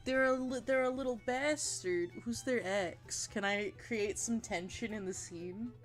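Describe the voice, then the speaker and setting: Woman streamer, unhurried, slightly high voice, giggly, gushing, faint music behind. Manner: gushing, giggly, exclamatory, swears casually. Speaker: art streamer. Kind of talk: casual livestream chat while drawing.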